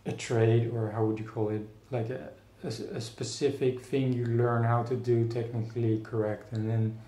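A man's voice: mid-range voice, flat delivery, mellow. Man musing in an echoey room. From Netherlands. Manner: thoughtful, halting, many restarts and fillers. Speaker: artist guest. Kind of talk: casual interview conversation.

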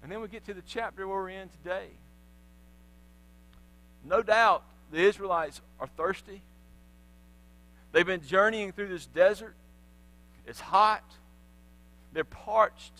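High, bright-voiced man preaching a sermon. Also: slow, pauses often, poor audio. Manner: animated storytelling, acting out voices of biblical figures. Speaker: pastor. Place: church sanctuary.

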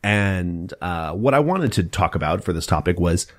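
A man hosting a casual podcast chat, gushing with excitable, profane enthusiasm. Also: low-pitched, normal speed. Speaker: podcast host.

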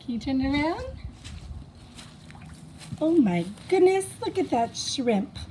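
Young female teacher, lively sing-song delivery, slow and clear, noisy home recording. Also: sits high. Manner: sing-song, encouraging, sounds out letters. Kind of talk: children's phonics lesson.

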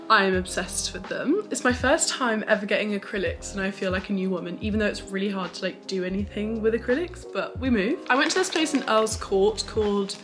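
A young woman, chatting casually and upbeat to camera in a vlog, with "like" in many sentences. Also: mid-range voice. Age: young adult. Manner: chatty and upbeat, says "like" often. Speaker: vlogger. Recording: background music under the voice.

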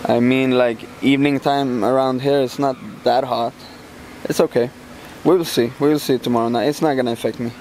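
A man from Sweden, a professional fighter, answering interview questions casually in English, halting with many fillers and restarts. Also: mid-range voice, steady tone, darkish tone, a little hiss or hum. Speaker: MMA fighter, champion.

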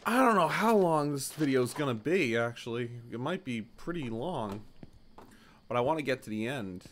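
A man giving casual, animated commentary while playing a store game, jumping to high excited exclamations and mock-polite shopkeeper lines. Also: normal speed, slight background noise. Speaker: gaming YouTuber.

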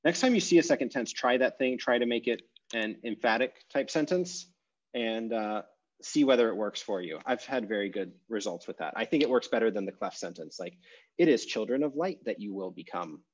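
A man teaching an online language class, thinking aloud with many pauses and self-corrections. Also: mid-range voice, animated, breathy edge, highs cut off. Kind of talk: explaining grammar in a live online class. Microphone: video call.

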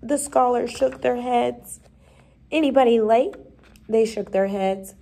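A woman reads a children's chapter book aloud in a slightly high voice. She is lively and gives each character a quick, light change of voice. Now and then she trips on a word and starts it again. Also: gravelly. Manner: lively, brief changes of voice for the characters, occasional slips and restarts. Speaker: reader. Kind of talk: storybook read-aloud.

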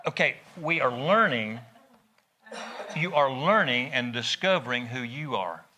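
A middle-aged man, preaching a sermon in a folksy, animated storytelling way. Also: medium pitch, a little slow, slight background noise. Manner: folksy, animated storytelling with laughs and rising emphasis.

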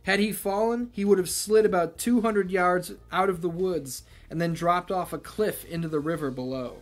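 Man, fairly high voice, novel read-aloud, sarcastic asides, faint music. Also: steady tone, moderate pace, hardly any pauses. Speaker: reader and host.

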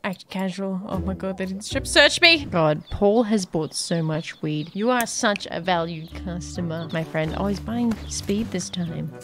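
A woman's voice: lowish voice, animated, measured pace, hardly any pauses. A young woman commenting on a game as she plays, chatty and giggly, often gasping and squealing. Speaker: gaming YouTuber. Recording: music underneath.

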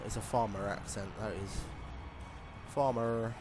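A man's voice: medium pitch, a little fast, noisy background. Chatty man joking over gameplay. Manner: jokey, chatty, rambling asides. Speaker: gameplay commentator. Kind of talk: casual let's-play commentary. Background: game music and sound effects.

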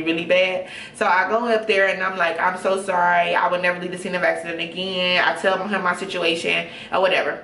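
A woman's voice: on the low side, recorded from a distance, slight background noise. Chatty young woman. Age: young adult. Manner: chatty, animated, full of fillers. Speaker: vlogger. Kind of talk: casual storytime. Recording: roomy room, off-mic.

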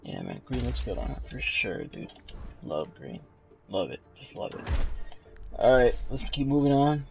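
A tired young man giving casual, low-key gameplay commentary into a headset mic, trailing off with fillers. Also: sing-song, moderate pace, creaky, a little mellow, soft background music. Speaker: gaming YouTuber. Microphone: gaming headset mic.

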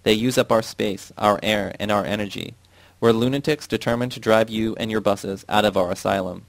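A man reading aloud and voicing a defiant male mechanic who answers with deliberate obedience. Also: fairly low pitch, creaky, no echo. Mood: calm defiance. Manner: snapping salutes, then flat and calm.

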